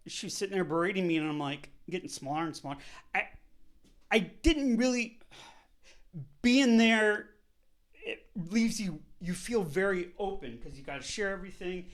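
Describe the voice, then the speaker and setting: A man vlogging, telling a personal story in a casual, animated way, swearing often and swinging between loud outbursts and soft asides. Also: sits high, unhurried, long pauses.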